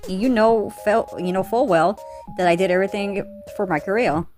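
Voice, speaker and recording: A woman's voice: mid-range voice, normal speed, darkish tone, faint music behind, lightly acted. A woman reading the lines of an earnest young female bunny police officer in a comic, with an emotional, pleading delivery.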